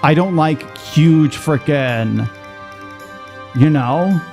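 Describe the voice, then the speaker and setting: A man streaming a game, chatting rapidly and swearing freely as he plays. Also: fairly high pitch, vocal fry, a little mellow, soft background music. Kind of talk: casual gaming commentary.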